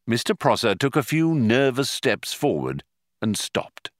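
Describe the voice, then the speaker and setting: A man narrating an audiobook with measured, dry storytelling. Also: mid-range voice, big pitch swings, dry recording. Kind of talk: scripted narration.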